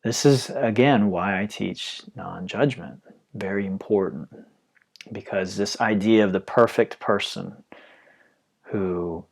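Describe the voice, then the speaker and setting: A man giving a calm, reflective dharma talk as a yoga teacher, his phrases often trailing off softly. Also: on the low side, takes it slowly, gravelly, slightly rough.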